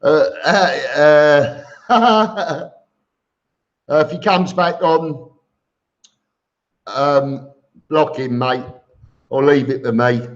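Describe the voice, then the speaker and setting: A man's voice: fairly high pitch, drawn-out words, long pauses. A man hosting a casual live stream, reading viewer comments aloud and answering them with chuckles. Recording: dull lo-fi stream audio.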